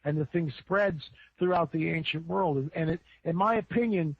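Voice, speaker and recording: A man with a high voice preaches informally as a podcast guest, stacking repeated phrases as his emphasis climbs. The sound is dry and close. He comes through a thin, tinny phone line. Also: normal speed, gravelly, slightly rough, dry recording. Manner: repeats words, builds up with rising emphasis.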